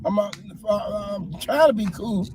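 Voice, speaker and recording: Brief: high-pitched man, loud, frantic and profane, comedy skit passenger, faint hiss behind. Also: takes it slowly, poor audio.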